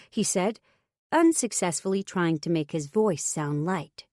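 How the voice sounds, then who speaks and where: Woman reading a romance audiobook, lowish voice, steady and expressive, super dry studio sound. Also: a little slow, no echo. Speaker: audiobook narrator. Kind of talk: first-person audiobook narration.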